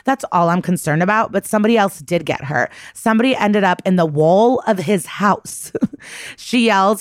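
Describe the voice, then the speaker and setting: A woman's voice: on the low side, lively intonation, normal speed, dry recording, studio quality. A woman co-hosting a podcast, chatty and profane, recapping a TV episode and acting out its lines. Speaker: podcast co-host.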